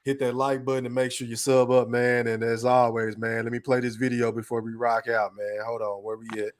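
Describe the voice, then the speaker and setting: A man hosting a podcast, closing the show with relaxed shout-outs to his guests and chat. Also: mid-range voice, fairly quick. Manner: laid-back, shout-out heavy sign-off. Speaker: podcast host. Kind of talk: casual podcast outro.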